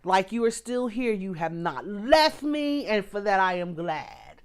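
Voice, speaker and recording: A middle-aged woman, hosting a casual livestream from home. Her voice rises and falls a lot as she thanks viewers by name. She reads their comments out loud, talking straight to the people watching. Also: mid-range voice, lively intonation, slow pace, background noise. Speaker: livestream host.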